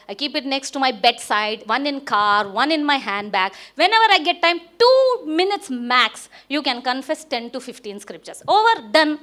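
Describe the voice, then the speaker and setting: A middle-aged woman pastor preaching a sermon, emphatic, with big swings in pitch and loudness.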